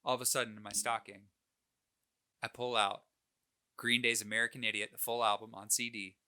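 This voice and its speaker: Late 20s guy on a podcast, super bright voice, rambling animated story, lots of um and like. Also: fairly low pitch, a little fast, clear, resonant tone. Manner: animated, self-deprecating, many fillers and restarts. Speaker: podcast co-host. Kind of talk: casual storytelling chat.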